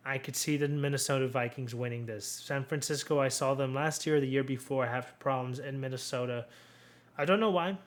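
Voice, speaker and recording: A man's voice: mid-range voice, fairly quick. A young man hosting a casual solo sports recap, rambling and blunt, swearing freely and restarting his sentences often. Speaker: sports commentary host.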